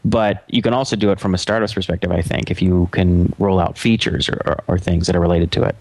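A man co-hosting a casual tech podcast, talking haltingly with many restarts and rambling asides. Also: sits low, fairly even intonation, no echo. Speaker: podcast co-host.

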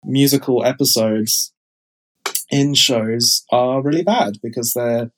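A man's voice: mid-range voice, fairly even intonation, slow, slight background noise. A man talking about his show as a podcast guest, chatty and enthusiastic, filling gaps with "um" and "like". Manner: enthusiastic, chatty, many fillers. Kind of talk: casual podcast interview.

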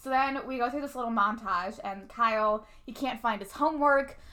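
A woman's voice: on the high side, moderate pace, bright, forceful tone. A woman co-hosting a casual chat, recapping a movie with frequent laughs and playful quoting of the characters. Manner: chatty, laughs often, quotes characters playfully. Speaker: podcast co-host.

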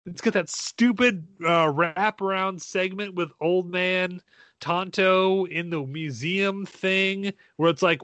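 Guy venting about a movie, bright punchy voice, kinda high, dry close sound. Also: unhurried, no echo. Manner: exasperated ranting, profane. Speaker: podcast co-host. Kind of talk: casual movie-review chat.

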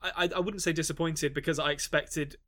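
A man co-hosting a casual podcast chat. His voice sits a little high and sounds bright and forceful. He talks in loose bursts, full of "um" and restarts. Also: steady tone, quick pace. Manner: hesitant, many restarts and fillers. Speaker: podcast co-host.

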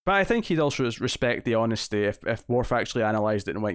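A man's voice: mid-range voice, sing-song, fast talker, smooth, no room sound, clean studio sound. A man co-hosting a podcast. He chats casually and rambles, with many fillers and restarts. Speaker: podcast co-host. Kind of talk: casual chat.

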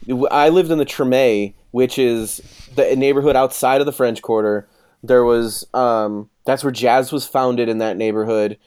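In casual chat, a man in his thirties tells a rowdy story, swearing freely and animatedly acting out what other people said. His mid-range voice is unhurried, clear, and resonant.

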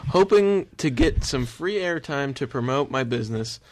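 A man pitching his joke business on a comedy podcast, often breaking into giggles. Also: animated, moderate pace, crowd noise. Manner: giggly, keeps breaking into laughter. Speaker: guest reading an ad. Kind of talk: comedic podcast bit, ad read.

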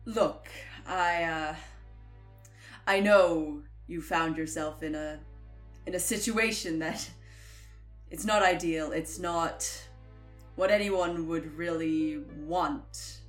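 A woman voicing a sheepish man who haltingly pleads for help. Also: low voice, fairly even intonation, faint music behind. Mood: pleading. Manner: earnest, halting.

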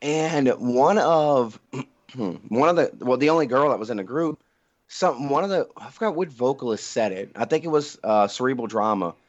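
A man co-hosting a podcast rattles off crude jokes and rambling stories full of swearing. His voice sits at an ordinary middle pitch. The recording is a little dull and lo-fi. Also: lively intonation, moderate pace. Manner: profane, joking, rambling storyteller. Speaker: podcast co-host. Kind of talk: crude casual banter.

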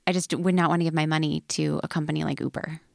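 A woman's voice: low voice, little pitch movement, fast talker, creaky, slight background noise. A woman co-hosting a podcast, chatting casually and responding with frequent short agreements. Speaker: podcast co-host. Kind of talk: casual chat.

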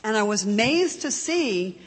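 A woman's voice: mid-range voice, lively intonation, measured pace, breathy edge. A woman on an advisory committee speaking from a stage to an audience in a large hall, enthusiastic. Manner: warm, enthusiastic. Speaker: advisory committee member presenting awards. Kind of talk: prepared stage remarks. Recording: reverberant hall sound.

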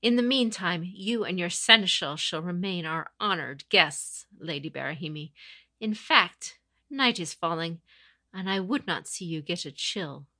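A woman voicing a proud, commanding female samurai champion who speaks in a stern, measured way. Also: on the low side, lively intonation, pushed and bright, no echo, clean studio sound, full character voice. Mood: coolly polite.

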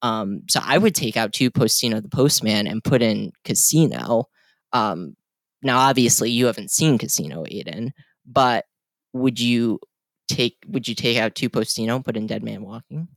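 A man's voice: mid-range voice, normal speed, vocal fry, no echo. A man co-hosting a casual film discussion, chatty and opinionated, with frequent fillers and restarts. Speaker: podcast co-host.

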